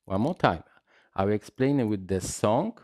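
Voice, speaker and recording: A man teaching salsa rhythm, counting beats and scatting the patterns aloud in halting English. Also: on the low side, lively intonation, a little mellow, no room sound, studio quality. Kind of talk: dance lesson explaining rhythm.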